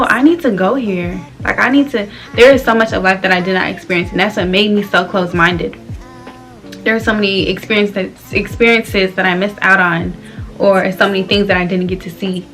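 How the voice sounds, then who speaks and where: Brief: twenties woman from Florida, casual vlog chat, bright voice, faint music under her. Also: medium pitch. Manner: loose, candid, slangy, laughs often. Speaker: vlogger. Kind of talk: casual chat while doing her hair.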